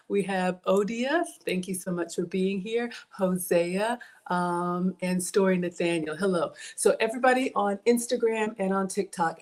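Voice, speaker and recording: A woman's voice: medium pitch, darkish tone. Chatty woman hosting a cooking stream. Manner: chatty, playful, greets viewers by name. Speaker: home cooking livestream host. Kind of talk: casual live cooking stream chat. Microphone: streaming from home setup.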